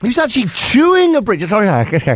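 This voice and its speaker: A man's voice: sits high, fast talker, no echo. A man hosting a radio show, chatting casually and telling stories with lots of laughter. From England. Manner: animated, laughing, does voices in anecdotes. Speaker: radio host. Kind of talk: casual radio banter and storytelling. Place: radio studio.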